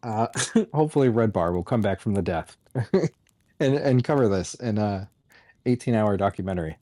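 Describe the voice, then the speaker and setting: Male podcast host, mocking comedic rant, mid pitch, dry close mic. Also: moderate pace, no echo. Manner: animated, mocking, laughs often.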